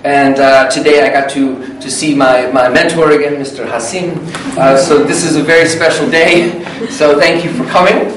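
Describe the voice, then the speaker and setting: Animated man teaching in an echoey hall. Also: on the high side, moderate pace, few pauses, recorded from a distance, noisy background. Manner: animated, demonstrates rhythm and intonation aloud. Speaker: English teacher leading a music workshop. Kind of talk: live classroom workshop teaching. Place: large hall with an audience. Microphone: far from the microphone.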